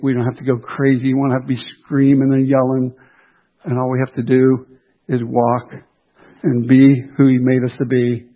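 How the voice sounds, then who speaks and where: A man's voice: medium pitch, muffled recording. A man preaching a sermon, emphatic and repeating his key phrases for weight.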